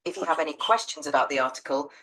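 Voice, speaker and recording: An AI assistant with a woman's voice, patiently and encouragingly coaching pronunciation in a measured way. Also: deep voice, fairly bright tone, slightly rough, rough recording.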